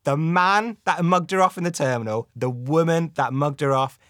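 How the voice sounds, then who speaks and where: A man's voice: fairly high pitch, fairly bright tone, a little hiss or hum. Chuckling man rambling a story. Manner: rambling, chuckling, dramatic slow emphasis. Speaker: comedian retelling a story. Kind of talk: casual storytelling.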